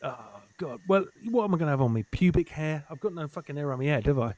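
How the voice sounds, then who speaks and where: Animated storytelling man, dry close sound. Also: a little high, quick pace, no room sound. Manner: animated storyteller, swears, acts out quoted voices. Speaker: guest comedian. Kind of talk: casual podcast chat.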